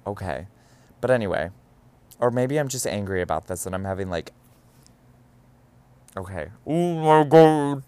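Candid, profane young podcast host. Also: male voice, deep voice, animated, normal speed, long pauses, darkish tone, no echo. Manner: candid, profane, dramatic exclamations. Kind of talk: casual storytelling monologue.

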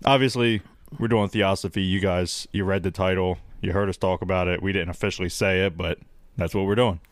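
Blunt, low-voiced man on a podcast. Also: steady tone, a little fast, no echo. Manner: blunt, swears freely. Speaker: podcast co-host. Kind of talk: casual chat.

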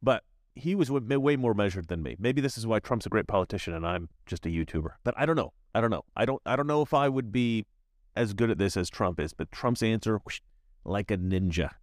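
A man giving opinionated commentary as a YouTuber, emphatic and repetitive, with animated asides. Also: on the low side, brisk, dry recording, clean studio sound.

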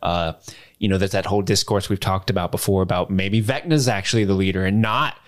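An American man co-hosting a podcast, rambling and joking in a relaxed way. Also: sits low, a little fast. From United States. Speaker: podcast co-host. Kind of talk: casual podcast chat.

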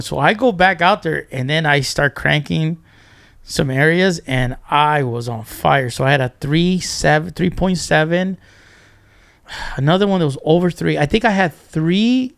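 A man's voice: a little high, moderate pace, creaky. A man chatting as a podcast guest, telling fishing stories animatedly, acting out quotes and restarting often. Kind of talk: casual storytelling.

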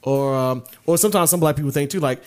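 A man talks quickly in a slightly high voice, co-hosting a casual podcast chat. He rambles, swears freely and restarts his sentences often. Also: darkish tone, clean tone. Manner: rapid, profane, rambling with many restarts. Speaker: podcast co-host.

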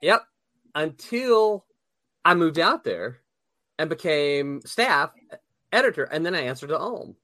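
A man's voice: on the high side, sing-song, a little slow, pauses often, sharp tone, no room sound. A man hosting a casual chat, telling stories animatedly and laughing often.

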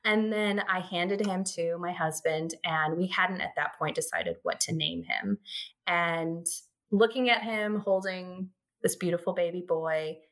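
A woman's voice: fairly low pitch, measured pace. A woman in her thirties, a podcast guest, chatting casually and laughing often as she tells a story. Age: 30s. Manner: giggly, animated storytelling.

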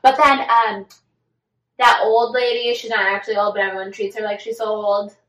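A woman's voice: medium pitch, steady tone, moderate pace, fairly bright tone, recorded from a distance. A young woman co-hosting a podcast, chatting casually and recapping gossip with acted-out quotes. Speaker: podcast co-host. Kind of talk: casual chat. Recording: echoey room, voice a bit off-mic.

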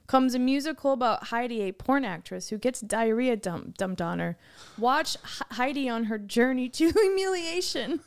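Young woman, high voice, laughs a lot telling a story on a casual podcast. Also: normal speed, clear, resonant tone. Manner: animated, laughing, reads messages aloud. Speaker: guest.

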